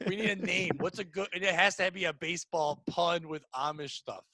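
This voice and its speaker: A man with a high voice hosts a loose comedy podcast. He riffs excitedly and breaks into loud bits. His voice is bright and edgy, recorded close and dry. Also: brisk, no echo, rough recording. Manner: excitable, riffing, bursts into shouted bits. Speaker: podcast host. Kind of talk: casual comedy podcast banter.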